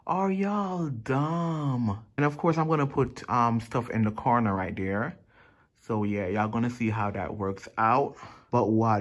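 A man vlogging casually and excitedly, showing off his newly decorated bedroom in slangy chat. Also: mid-range voice. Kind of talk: casual home vlog.

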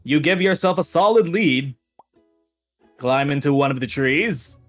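Guy reading out game story text to his friends, dry jokey tone, slightly high voice, faint music under it. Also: animated, measured pace, fairly bright tone. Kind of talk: let's play group chat, reading story aloud.

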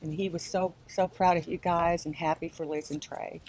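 An older woman, a family member, delivers a chatty eulogy in a church, laughing as she shares stories at the memorial. Her voice is lowish, level and darkish at a normal speed, with a little hiss or hum in the recording.

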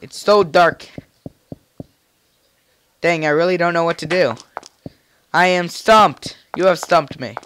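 A let's play gamer with a slightly high voice speaks slowly and pauses often, his tone a bit bright. He rambles and cracks jokes to himself as he plays, with game music behind him and a little hiss or hum.

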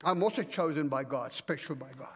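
A man from Africa preaching a fervent, commanding sermon in a church, swinging between loud and hushed. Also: on the high side, brisk, slightly rough. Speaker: pastor. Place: church auditorium. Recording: reverberant church hall.

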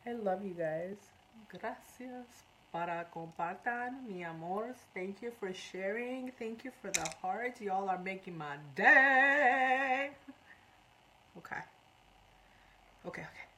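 A woman's voice: medium pitch, lively intonation, slow, sharp tone, a little hiss or hum, poor audio. Chatty woman mixing in learner's Spanish. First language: English. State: runny nose. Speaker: makeup artist streaming live. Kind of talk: casual live-stream makeup tutorial.

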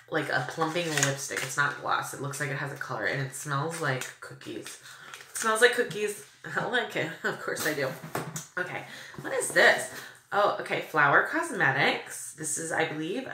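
A woman's voice: deep voice, echoey room, background noise. Gushing valley-girl woman unboxing makeup. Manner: gushing, breathless exclamations, valley-girl fillers. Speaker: beauty vlogger. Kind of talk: excited unboxing chat.

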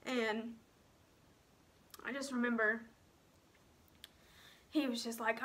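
Young woman, personal vlog storytelling, emotional and near tears, halting, soft near-whisper, crisp bright tone. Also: fairly high pitch, level tone. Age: young adult. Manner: frequent "um" and "like" fillers. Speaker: vlogger telling her own story.

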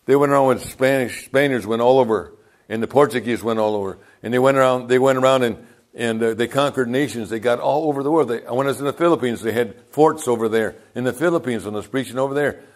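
A man's voice: medium pitch, fast. An older man preaching a sermon as pastor, telling folksy stories and calling out to the congregation.

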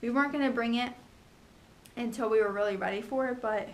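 A young woman in a casual home vlog, talking fast and chattily about her pregnancy, with lots of ums and likes. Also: on the high side, slight background noise. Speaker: pregnancy vlogger. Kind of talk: casual chat.

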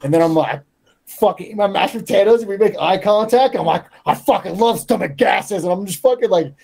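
Guest fighter, male, casual podcast storyteller; mellow tone, swears constantly, acts out voices. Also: high voice, fast talker. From Colorado. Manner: profane, animated storyteller acting out quotes.

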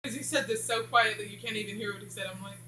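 A TV show reviewer, a woman, casually recaps an episode, rambling and skipping over dialogue with "blah, blah." Her mid-range voice is fairly even in intonation and quick. The recording is in an echoey room with a faint hum.

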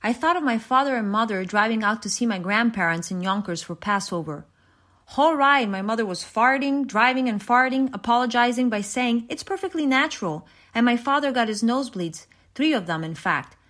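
A woman reading a short story aloud in an even, measured way, with small restarts. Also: a little high. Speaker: reader.

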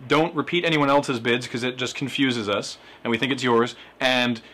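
A man hosting a live charity stream auction, announcing bids briskly. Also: medium pitch, fairly even intonation, bright, forceful tone.

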